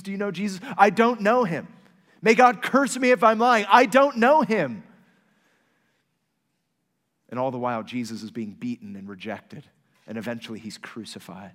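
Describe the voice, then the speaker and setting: A man preaching a sermon as pastor, telling a story with animated swings from loud to hushed. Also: mid-range voice, big-room sound.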